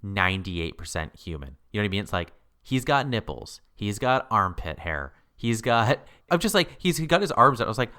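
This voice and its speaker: Animated man with lively swings. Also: moderate pace, few pauses. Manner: animated, laughing often, voice jumps high when quoting himself. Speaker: podcast co-host. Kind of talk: casual chat.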